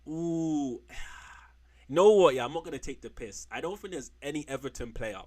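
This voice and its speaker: A man's voice: fairly high pitch, animated, normal speed, darkish tone. A man streaming from home, rambling frankly through football players with slang and blunt put-downs. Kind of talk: casual live-stream commentary.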